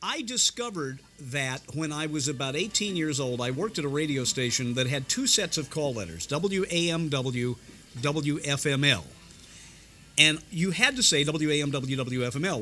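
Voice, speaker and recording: A man's voice: fairly high pitch, lively intonation, normal speed, sharp tone. An older man from Indiana, a veteran radio broadcaster, telling anecdotes in a restaurant and mimicking voices and sound effects. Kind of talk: anecdotal storytelling.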